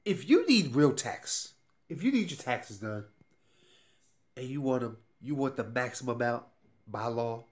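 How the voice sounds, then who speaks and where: Worked-up man making an animated sales pitch. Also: unhurried, pauses often. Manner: heated, pleading, repetitive. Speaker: YouTuber promoting a tax service. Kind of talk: direct-to-camera sales pitch.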